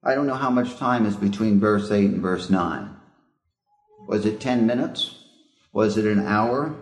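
A man's voice: lowish voice, expressive, unhurried, echoey room, soft background music. A male preacher giving a sermon in a reflective, questioning way. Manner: reflective, asks the listeners questions.

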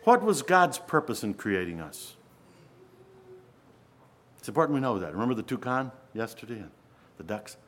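A man's voice: medium pitch, sing-song, moderate pace, long pauses, fairly bright tone. A man preaching a sermon in an earnest way, often asking his listeners rhetorical questions.

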